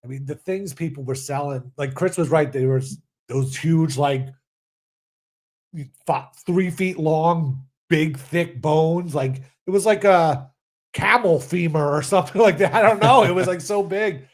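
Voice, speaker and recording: A man's voice: fairly high pitch, unhurried. A man co-hosting a casual podcast who laughs often and chimes in with short reactions and jokes. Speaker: podcast co-host. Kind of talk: casual chat.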